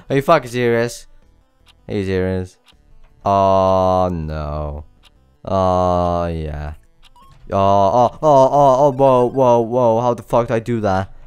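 A man playing a stressful game and commenting, swearing and yelling frantic exclamations as he goes, sounding out of breath. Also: on the low side, clear, resonant tone, no echo. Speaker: gaming channel host. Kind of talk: let's play commentary.

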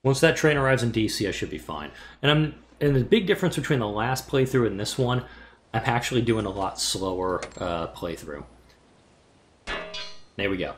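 Gaming host, male, casual play-by-play, thinks out loud, mumbles, swears now and then, pitch swings a lot. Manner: thinks aloud, muttering to himself while planning. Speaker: let's play gamer. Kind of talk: casual gameplay commentary.

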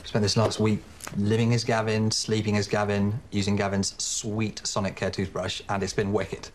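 An actor playing a cheeky, laid-back young British man in a sitcom, talking deadpan. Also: lowish voice, normal speed, slight background noise, natural voice. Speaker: Dan, a lazy young man house-sitting.

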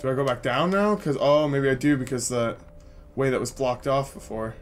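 A man's voice: mid-range voice, moderate pace, slight background noise. Joking man playing a game. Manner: joking, chatty. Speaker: gameplay commentator. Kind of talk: casual let's play commentary.

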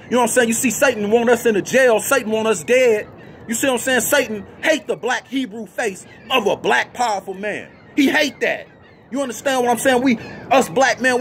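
A man with a notably high voice preaches a freestyle street sermon, blunt and fiery. He cusses freely and keeps tagging his lines with "man." Faint vehicle noise hums behind him. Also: fairly bright tone. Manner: fiery and blunt, cussing, with constant "you see what I'm saying" and "man" tags.

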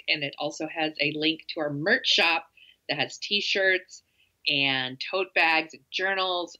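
Low-voiced woman cohost, bright edgy tone, dull lo-fi audio. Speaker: podcast co-host. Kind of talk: casual podcast chat. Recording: dull lo-fi sound.

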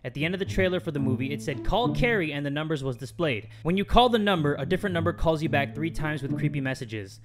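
A young man from Southern California chatting casually in a jokey, crude, loud way on his vlog. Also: on the high side. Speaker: YouTuber.

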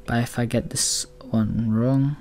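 Slow-talking boastful gamer guy. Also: mid-range voice, fairly even intonation, darkish tone, faint music behind. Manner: boastful, hyped, slangy. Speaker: gaming YouTuber. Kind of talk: casual gaming commentary.

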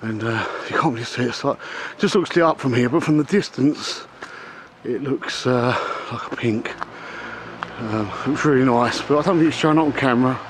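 A middle-aged man, out of breath, talking haltingly to a handheld camera outdoors at night in the rain, with many ums and uhs. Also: medium pitch, slight background noise, poor audio. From England. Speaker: vlogger. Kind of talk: casual vlog to camera.

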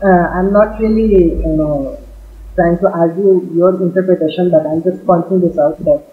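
A man's voice: high voice, a little fast. A man with an Indian accent on a casual podcast, speaking hesitantly and poking fun at himself. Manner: hesitant, self-deprecating. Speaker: podcast co-host. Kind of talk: casual discussion. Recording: dull, echoey room sound.

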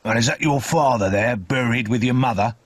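A man voicing a rough, threatening escaped convict who growls his demands. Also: medium pitch, brisk, no room sound, natural voice. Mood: menacing.

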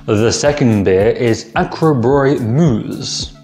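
A man's voice: mid-range voice, lively intonation, takes it slowly, darkish tone, soft background music. A young man hosting a casual beer-tasting vlog, chatty and a little hesitant, talking straight to his viewers. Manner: chatty, hesitant with ums, addresses viewers as guys and team. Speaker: beer-tasting vlogger, channel host.

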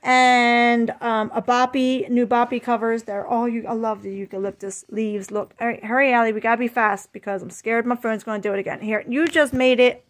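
A woman with a high, bright voice talks casually into her phone at home, gushing and filling her talk with ums and apologies. She chats in an easygoing, unpolished vlog manner. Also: steady tone, normal speed, hardly any pauses. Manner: chatty and gushing, frequent fillers and apologies. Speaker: vlogger.

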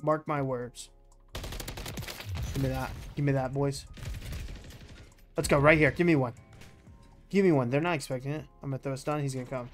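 A man giving excitable, swear-filled live commentary over his own online shooter match, trash-talking as he plays. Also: medium pitch, a little fast, long pauses, soft background music. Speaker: gaming YouTuber.

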